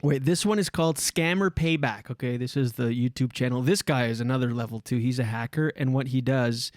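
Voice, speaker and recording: A man's voice: medium pitch, a little fast, no echo. A man hosting a casual podcast, telling stories animatedly and swearing freely on a studio mic. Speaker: podcast host.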